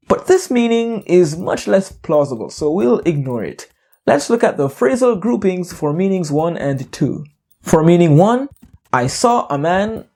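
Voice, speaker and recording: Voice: medium pitch, mellow. An English teacher giving an educational narration, explaining playfully with jokes and wordplay.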